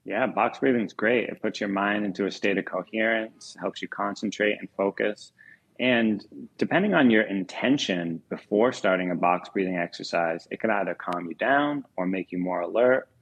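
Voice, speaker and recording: Calm young guy guiding breathwork, low gravelly husky voice, slow measured counting. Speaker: podcast co-host. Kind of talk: calm guided breathing instruction.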